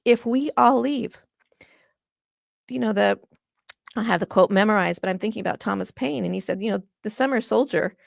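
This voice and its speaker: A woman's voice: mid-range voice, moderate pace, gravelly, long pauses, no room sound, clean studio sound. A woman from Washington State speaking as an interview guest, earnest and impassioned, often moved to emotion. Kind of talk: conversational interview.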